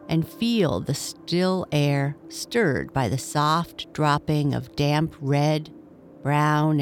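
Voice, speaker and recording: A woman reading a children's bedtime story aloud in a gentle, measured way. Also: low voice. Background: faint music.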